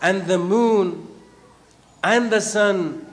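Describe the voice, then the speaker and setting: A man's voice: sits high, very slow. A man preaching a sermon, chanting verses and then explaining them, repeating phrases for emphasis. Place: large hall at a religious gathering. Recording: long hall reverb.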